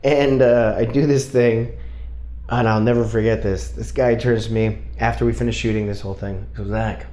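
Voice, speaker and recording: A man's voice: on the low side, steady tone, a little fast, a little mellow. A man, an actor, telling candid stories about his career, swearing and laughing at himself. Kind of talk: casual storytelling. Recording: roomy echo.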